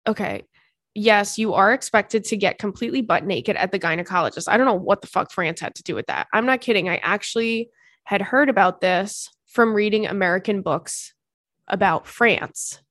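A woman podcast host in her thirties, chatting frankly and swearing freely as she reads out listener letters. Her voice sits at an ordinary middle pitch. The sound is dry and close, with no room echo. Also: a bit bright. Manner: candid, swears freely, quick asides. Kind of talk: casual chat, reading listener letters.

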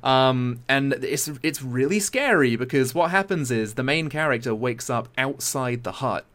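A young man from Britain chatting casually, retelling a film scene with lively impressions. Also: medium pitch, moderate pace. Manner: animated storytelling with impressions. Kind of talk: casual chat.

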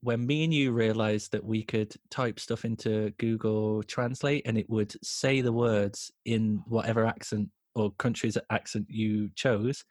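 A man's voice: fairly low pitch, a little slow, few pauses, no echo. Dry-sounding sweary man in his thirties. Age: 30s. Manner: sweary, animated storytelling. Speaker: podcast co-host. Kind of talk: casual comedic chat.

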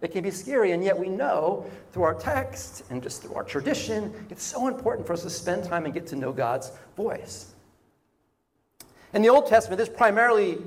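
A man preaching a conversational sermon, often checking in with "right?" and repeating words as he goes. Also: high voice. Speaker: pastor.

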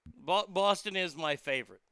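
A man's voice: sits high, moderate pace, pushed and bright, clean tone, dry recording. A man hosting his own show, rambling casually and chattily with a profane edge. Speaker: host.

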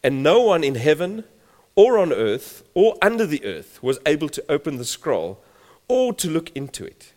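A man's voice: medium pitch, darkish tone. A man preaching a sermon, reading scripture emphatically and building in volume. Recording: long hall reverb.

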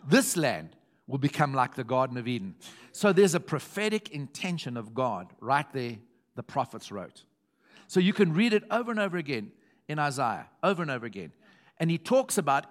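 A man's voice: mid-range voice, big pitch swings, moderate pace. A man preaching a sermon to his congregation, reading scripture aloud and joking along the way. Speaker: pastor.

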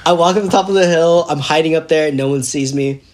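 A young man telling a story casually as a podcast guest, animated and laughing as he acts out what people said. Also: a little high, brisk, a little hiss or hum.

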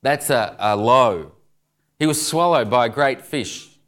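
A man's voice: mid-range voice, a little slow, background noise. A man preaching a sermon, telling jokes and stories and chuckling at the punchlines. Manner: jokey storyteller, chuckles through punchlines.

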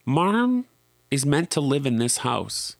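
A man's voice: medium pitch, sing-song, slow pace, gravelly, no echo, studio quality. A middle-aged man telling a rambling, self-deprecating, exasperated story in a casual monologue.

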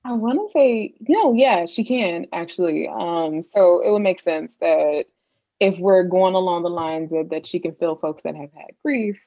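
A woman's voice: lowish voice, measured pace, warm tone, no room sound, lo-fi sound. A woman on a podcast panel in casual chat, hesitant and thinking aloud.

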